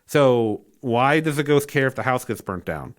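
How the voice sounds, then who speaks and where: A man's voice: mid-range voice, lively intonation, normal speed. A man giving a casual spoken movie review, incredulous and exasperated, rambling with fillers and restarts and swearing freely.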